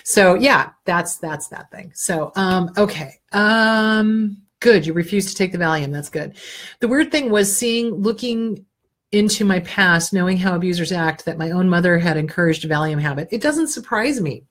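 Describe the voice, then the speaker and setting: Brief: middle-aged woman, therapist host, husky voice, blunt and animated, plays out inner voices. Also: fairly low pitch, moderate pace. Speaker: therapist host answering viewer questions. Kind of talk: casual advice talk.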